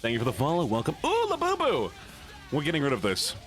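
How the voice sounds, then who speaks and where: A man's voice: medium pitch, animated, racing, faint music behind. A man live streaming a game, chatting playfully with his viewers and teasing them. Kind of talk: casual live-stream chat while playing a game.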